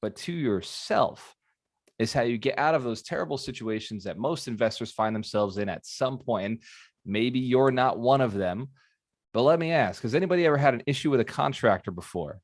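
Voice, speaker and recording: A man giving a motivational talk as a real estate mentor, animated and often asking his audience questions. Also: mid-range voice, normal speed, dry recording, studio quality.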